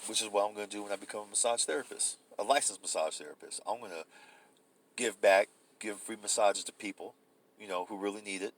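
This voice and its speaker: A man with a deep, booming voice co-hosting a casual comedy podcast, loose and joking, swearing freely and acting out quotes. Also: fast talker, a little hiss or hum. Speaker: podcast co-host.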